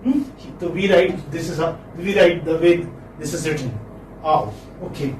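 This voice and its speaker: A man lecturing a class on phonetics, repeating words slowly and checking in with students with a questioning "hmm?". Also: fairly high pitch, a little mellow, recorded from a distance. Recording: echoey room, mic from afar, faint noise.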